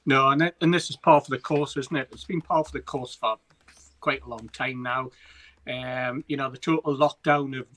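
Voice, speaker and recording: Bright-voiced man, emphatic podcast chat. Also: medium pitch, fairly even intonation, normal speed, low-quality recording. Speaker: podcast co-host. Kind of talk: casual football chat.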